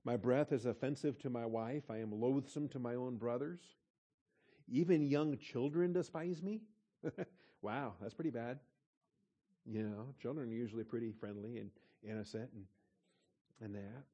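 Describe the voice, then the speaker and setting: A man's voice: medium pitch, fairly even intonation, moderate pace, dark tone. A man preaching a conversational sermon, reading scripture aloud and explaining it. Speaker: pastor.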